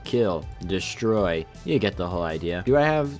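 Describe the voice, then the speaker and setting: A man's voice: low-pitched, big pitch swings, moderate pace, a little mellow, soft background music. A man giving casual, sarcastic let's-play commentary while playing a strategy game. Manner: sarcastic, playful, exclaiming. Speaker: gaming YouTuber.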